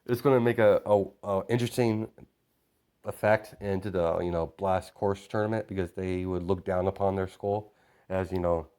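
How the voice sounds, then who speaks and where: Rambling deep-voiced young man telling a story. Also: steady tone, normal speed, darkish tone, clear, resonant tone. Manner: rambling, constant "you know" fillers. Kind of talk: improvised fan-fiction storytelling.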